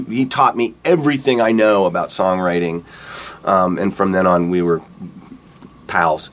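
A middle-aged man, a rock guitarist, casually telling stories about his career in a relaxed, rambling way. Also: lowish voice. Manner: relaxed, rambling, acts out quotes with laughs. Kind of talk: casual storytelling interview.

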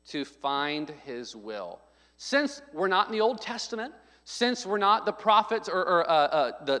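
Guy preaching a sermon, high voice, big swings in pitch, echoey hall. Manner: emphatic, rising to loud stresses; conversational asides with restarts. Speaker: pastor.

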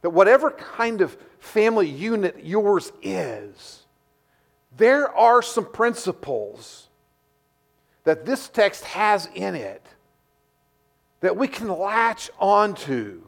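A middle-aged man preaching a sermon, repeating words as he restarts, telling stories in a lively way. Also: high voice, slow pace, gravelly. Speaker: pastor.

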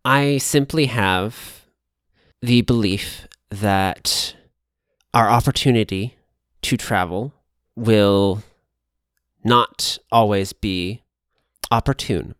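A guarded time-travelling scientist father, as a woman puts him on, choosing each word with slow care. His speech is formal and evasive. The voice is smooth and dry, close to the mic. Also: a bass voice, no echo, exaggerated voice.

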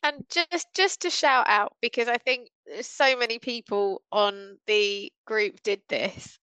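A woman's voice: a little high, slow, bright, forceful tone, smooth, dry recording, poor audio. A woman guest on a podcast, chatting casually and playfully acting out lines. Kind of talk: casual chat.

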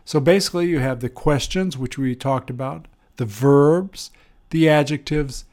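A man teaching an English grammar lesson, explaining step by step with pauses and fillers. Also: a little high, a little mellow. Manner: slow, deliberate, with pauses and fillers.

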